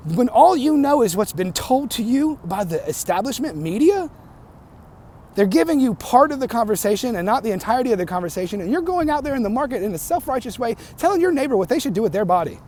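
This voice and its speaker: Male vlogger, higher-pitched voice, heated profane rant to camera, talks in bursts and restarts; good for an opinion-piece video. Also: very animated, fast, darkish tone.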